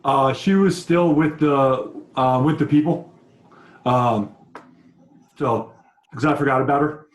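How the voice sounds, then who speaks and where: Male game master, mid pitch, hesitant narration, roomy echo. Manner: halting, many fillers and restarts.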